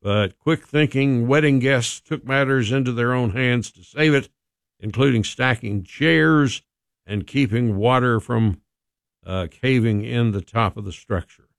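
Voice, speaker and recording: Male radio host, relaxed and talky, mid-range voice, dead-dry booth sound. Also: medium pitch, a little slow, vocal fry, no room sound. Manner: casual, chatty, with frequent "uh" fillers. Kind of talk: radio morning segment.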